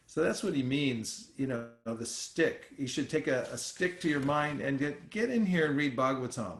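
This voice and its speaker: A man leading an informal scripture class, talking in a relaxed, conversational way with many fillers and restarts. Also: mid-range voice, moderate pace, few pauses. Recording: roomy echoey sound.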